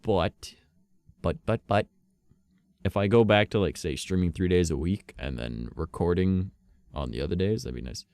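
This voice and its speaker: A man's voice: low voice, normal speed, gravelly, darkish tone, clean tone, no room sound. A man streaming live, chatting casually with viewers in a rambling way, swearing and laughing often.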